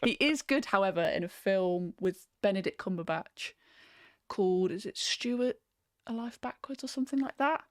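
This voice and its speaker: A woman's voice: medium pitch, lively intonation, normal speed, dry recording. Brief: woman, stream host, chatty and loose, dry close sound. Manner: chatty, reads out viewer comments, frequent ums. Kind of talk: casual chat on a livestream.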